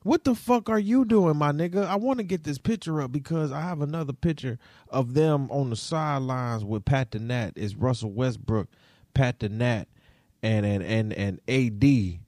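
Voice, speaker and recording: A young man co-hosting a casual basketball talk show, animated and profane, swinging between loud outbursts and mutters. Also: medium pitch, moderate pace, dry recording, studio quality. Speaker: podcast co-host.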